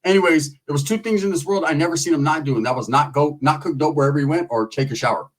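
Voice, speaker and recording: Husky man telling stories. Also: on the high side, fast. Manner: profane, laid-back, does voices. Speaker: storyteller. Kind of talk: casual storytelling.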